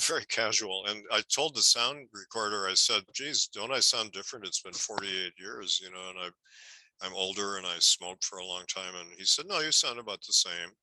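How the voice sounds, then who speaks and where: Older male guest, lowish voice, restarts and trails off while telling stories. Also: normal speed, pushed and bright, no echo, rough recording. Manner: rambling anecdotes with many restarts. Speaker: guest film historian. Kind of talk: casual interview storytelling.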